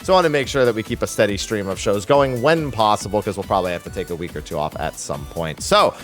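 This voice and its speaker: A man hosts a casual podcast from his desk mic, his voice swinging widely up and down as he jokes and grumbles. He talks fast and gets worked up over small hiccups, with faint music under him. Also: mid-range voice. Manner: animated, exasperated troubleshooting banter. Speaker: podcast host. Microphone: desk microphone on a call.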